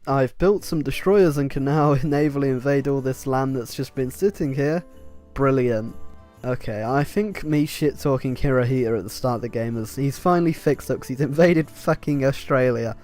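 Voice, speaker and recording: A man's voice: mid-range voice, darkish tone. A man giving sarcastic, swear-laden commentary over a strategy game he is playing. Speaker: gaming YouTuber. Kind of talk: let's play commentary.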